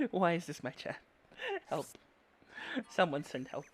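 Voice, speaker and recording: A young man streaming a game live and bantering loudly with his chat, excitable and quick to yell. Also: fairly high pitch. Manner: excitable, yelling at chat, quick mood swings. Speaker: VTuber streamer.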